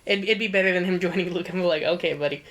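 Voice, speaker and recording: A woman's voice: lowish voice, a little hiss or hum. Woman co-host recapping a plot, casual. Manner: rapid, profane plot recap with animated asides. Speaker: podcast co-host. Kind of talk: casual book-discussion chat.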